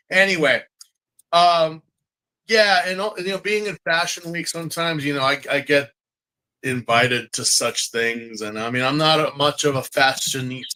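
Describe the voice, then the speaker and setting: Bright, animated male podcast host. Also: mid-range voice, poor audio. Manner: animated, campy, jumps into voices. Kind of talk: casual chat recapping a TV series.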